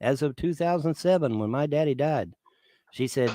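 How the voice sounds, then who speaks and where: A man's voice: medium pitch, lively intonation, brisk, warm tone. A man in his fifties on a livestream, swearing and making threats in a repetitive rant. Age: 50s.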